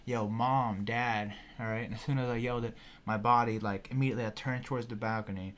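A young man telling a wild personal story in casual podcast talk, animated and profane, with lots of "you know" and "like". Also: mid-range voice, racing. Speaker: podcast guest.

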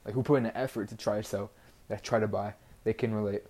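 A man's voice: fairly low pitch, steady tone, fast talker, warm tone, husky. A teenage boy hosting a casual solo podcast, rambling bluntly with constant "like" fillers and a frustrated edge. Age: teens. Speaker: podcast host.

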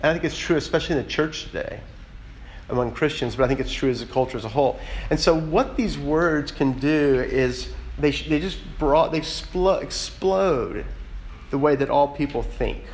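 A man's voice: on the high side, slight background noise, rough recording. A man preaching a conversational sermon as a pastor, speaking earnestly and directly and often putting questions to his listeners.

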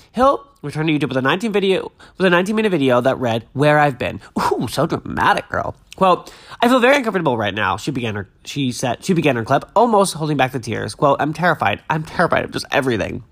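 A man's voice: a little high, a bit bright. A young man hosting a podcast, chatting casually and reading news aloud in a gushing, dramatic way, a little stuffy-nosed. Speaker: podcast host.

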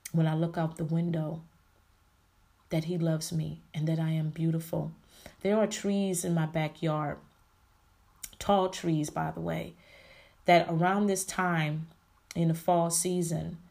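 Woman host, slightly low and gravelly, delivering a faith-based motivational talk to listeners. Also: darkish tone. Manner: preachy, repeats affirmations, calls listeners "y'all" and "honey". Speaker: podcast host.

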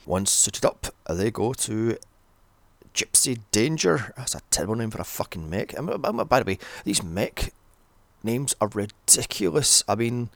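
A male film reviewer delivers a profane, ranting recap of a film, sarcastic and exasperated and cursing nonstop. His fairly low, creaky voice swings widely in pitch at a slightly slow pace, with no room sound.

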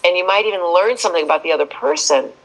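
A woman appears as an expert guest on a podcast interview, telling stories with lively shifts and acting out the voices she quotes. Her voice is lowish and she talks very fast, and the audio is poor.

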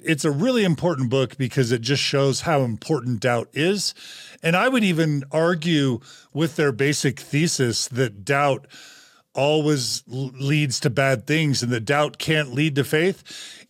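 A man hosting a casual discussion over a video call, guiding the talk briskly. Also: a little high, animated, no echo, studio quality. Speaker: podcast host.

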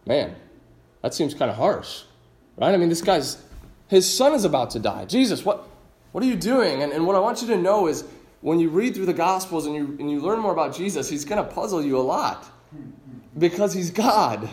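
A man's voice: on the high side, very animated, a little fast, a little mellow, reverberant. A man preaching a sermon as pastor in a conversational, emphatic way, often restarting his phrases.

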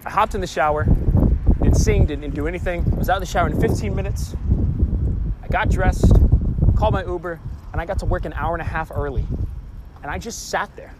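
Against noisy street sound, a young male vlogger rants about a story in an agitated, rambling way, cursing frequently and starting his sentences over. His voice is high and fairly quick, broken by long pauses.

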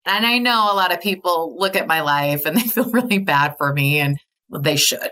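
Bright-voiced woman telling her story. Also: fairly low pitch, animated, normal speed. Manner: candid storyteller, laughs often. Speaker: podcast guest. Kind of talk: casual interview conversation.

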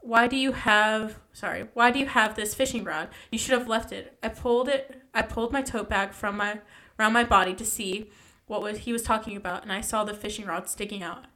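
A woman's voice: medium pitch, a little fast, few pauses, bright, forceful tone. A young woman casually reading a ghost story aloud, stumbling and correcting herself as she goes.

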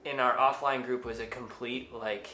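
A man's voice: medium pitch, fairly even intonation, moderate pace, pushed and bright, reverberant. A man in casual podcast chat, easygoing and often laughing as he talks. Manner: easygoing, laughs while talking. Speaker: podcast cast member.

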